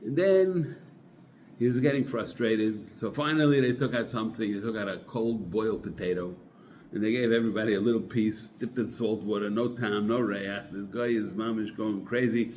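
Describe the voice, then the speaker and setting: A man giving an informal Torah talk, telling a parable as a conversational storyteller who clears his throat now and then. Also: fairly low pitch, normal speed, darkish tone, slight background noise. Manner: conversational storyteller, sprinkles religious terms. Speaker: Torah teacher.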